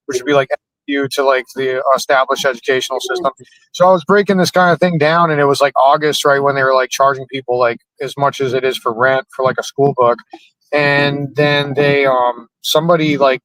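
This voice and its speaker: A man in a casual interview, rambling through a story and leaning on "like" at every turn. His voice sits in an ordinary middle pitch. The recording is dry and close, with no room sound. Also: a bit bright, no echo, poor audio. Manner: rambling, many "like" fillers. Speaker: comedian guest.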